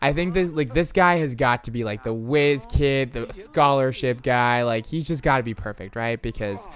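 A man hosting a let's play, giving chatty, expressive gameplay commentary straight to his viewers. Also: mid-range voice, moderate pace.

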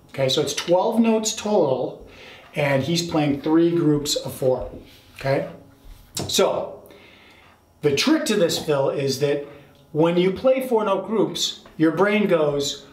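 A man's voice: a little high, lively intonation, takes it slowly, roomy sound. A man teaching drums, explaining a fill and counting the rhythms aloud, checking in with the listener as he goes. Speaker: drum teacher. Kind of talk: instructional explanation.

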